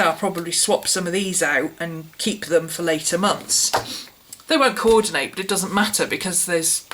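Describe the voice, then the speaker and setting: A woman's voice: fairly low pitch, pushed and bright, a little hiss or hum. A woman with an English accent, chatting casually as she reviews a product in a vlog and muses aloud. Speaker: vlogger.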